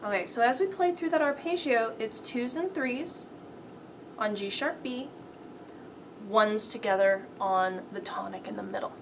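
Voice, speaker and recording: A woman piano teacher walks through a lesson step by step, patiently counting beats and calling out rhythms. Her voice sits a little high, with vocal fry and an unhurried pace. Loud piano playing runs under her speech in a noisy background.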